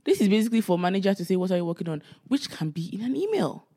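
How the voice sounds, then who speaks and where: A young woman co-hosting a casual podcast chat, telling animated stories and acting out what people said. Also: mid-range voice, racing, dry recording, clean studio sound. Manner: animated storytelling, acts out quoted dialogue. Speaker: podcast co-host.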